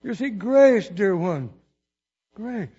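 A man's voice: high-pitched, animated, takes it slowly, dark tone, breathy edge, muffled recording. A man preaching a sermon, telling his own testimony in an earnest, emotional way with chuckles between lines.

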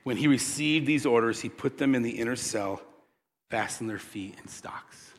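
A man preaching a sermon, telling the story with animated energy that builds to loud peaks. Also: mid-range voice, moderate pace. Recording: long hall reverb.

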